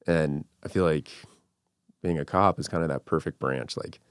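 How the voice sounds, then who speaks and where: A man's voice: extremely low pitch, moderate pace, clean tone, no echo, clean studio sound. A man from Colorado, a podcast guest, chatting in an easygoing way and swearing casually. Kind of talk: casual chat.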